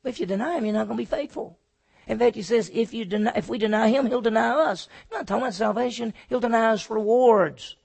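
A man preaching a sermon, swinging from loud emphatic lines to hushed, near-whispered ones and answering his own questions. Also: very high voice, fast, gravelly. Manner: asks the congregation questions and answers them himself. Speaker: pastor.

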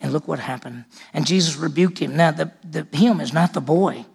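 A man's voice: a little high, normal speed, creaky, slightly rough. A man preaching a sermon in church, retelling a scripture story and acting out its dialogue. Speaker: pastor.

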